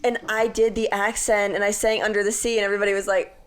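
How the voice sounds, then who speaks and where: A woman's voice: medium pitch, level tone, fast talker, clear, resonant tone. A woman co-hosting a podcast, telling self-mocking stories in a chatty, casual way. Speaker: podcast co-host.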